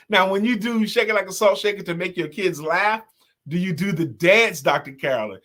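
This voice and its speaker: Hosting a laid-back live stream, a brisk man reads out and responds to viewer comments. He tells energetic stories, sings snippets of songs and laughs readily, his voice pitched fairly high for a man.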